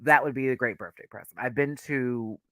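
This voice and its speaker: A man hosting a livestream, chatting casually as an excitable fan who gushes and laughs often. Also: medium pitch, fairly quick, no echo. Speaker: livestream host.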